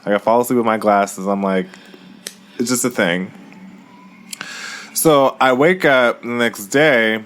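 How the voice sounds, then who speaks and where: A young man co-hosting a podcast, telling a story in a casual, animated way. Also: unhurried, long pauses. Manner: animated storyteller, mimics others in a high voice. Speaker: podcast co-host.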